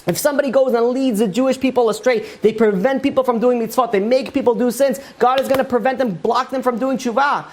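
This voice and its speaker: A woman teaching a Torah lecture, telling stories in a lively way with many fillers and restarts. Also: fairly high pitch, quick pace, few pauses.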